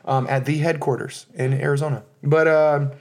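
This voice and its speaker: A man's voice: a little high, level tone, normal speed. An American man in his thirties, hosting his own podcast alone in a loose, heartfelt monologue with many fillers. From United States. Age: 30s. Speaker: podcast host. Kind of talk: casual solo podcast monologue.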